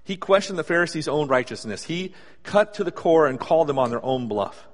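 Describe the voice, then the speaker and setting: Man, preacher, sermon, conversational storytelling, somewhat high voice, long hall reverb. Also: a little fast. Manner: conversational, animated storytelling with acted asides.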